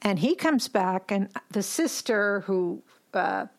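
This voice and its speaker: A woman in casual chat, retelling a film's plot in an animated way and acting out the characters' lines as she goes. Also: mid-range voice, slow pace.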